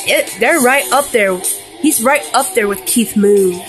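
Giggly young woman rambling slowly. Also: fairly high pitch, over music. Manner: giggly, rambling, many restarts. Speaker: music fan vlogger. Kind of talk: casual rambling monologue.

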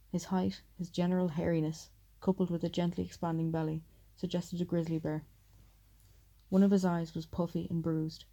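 Dark, gravelly-voiced woman narrating an audiobook. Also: fairly low pitch.

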